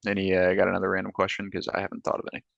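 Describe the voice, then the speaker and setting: Deep gravelly young man, laid-back. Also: completely flat delivery, rapid-fire, fairly bright tone, no echo, dull audio. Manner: laid-back, hesitant, lots of fillers. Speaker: podcast guest. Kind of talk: casual chat.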